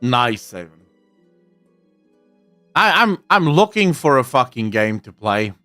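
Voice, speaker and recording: A man's voice: mid-range voice, sing-song, slow, bright, forceful tone, faint music behind. A South African man chatting casually on a live stream, rambling and swearing freely while he answers his chat. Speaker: game streamer.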